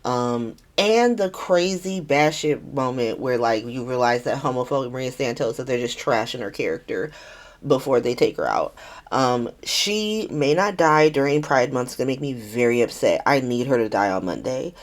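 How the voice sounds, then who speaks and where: A woman hosting a podcast who recaps a soap opera in a casual, animated and sarcastic way, laughing often. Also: extremely low pitch, moderate pace. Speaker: podcast host.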